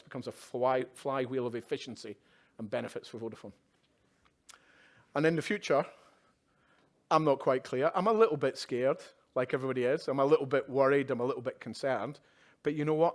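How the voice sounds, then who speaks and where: Male keynote speaker on a conference stage, chatty, drops wry asides and "yeah?" checks to the room. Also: medium pitch. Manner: conversational, with tag questions and wry asides. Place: conference stage at a live event.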